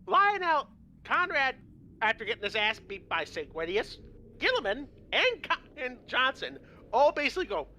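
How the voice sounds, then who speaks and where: A man casually retelling fantasy lore to friends, animated and profane, acting out the characters' lines. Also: very high-pitched, moderate pace. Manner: animated, profane, acts out quotes. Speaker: lore presenter on a miniature painting show.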